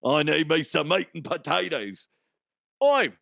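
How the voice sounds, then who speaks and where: A man's voice: fairly high pitch, very animated, measured pace, vocal fry, a bit bright, no echo, clean studio sound, heavily acted. A man putting on a brash, crude woman with an exaggerated mock Cockney put-on.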